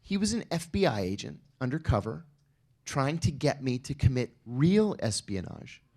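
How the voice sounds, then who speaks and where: A man's voice: medium pitch, sing-song, moderate pace, darkish tone. A middle-aged man speaking on a conference panel, telling a personal story with wry asides. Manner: storytelling, wry, acts out quoted exchanges.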